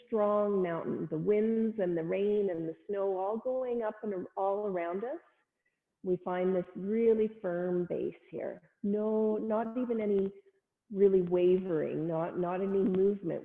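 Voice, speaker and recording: A woman leading a family yoga class, cueing poses gently and playfully with little animal sounds. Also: medium pitch. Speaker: yoga instructor. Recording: phone-like sound in a long-echo room.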